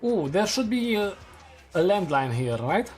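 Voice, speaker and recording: A man's voice: sits high, big pitch swings, measured pace, a little mellow, soft background music. A man streaming a game, chatting casually and laughing at his own takes; English is not his first language. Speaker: gaming streamer. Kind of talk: casual gameplay commentary.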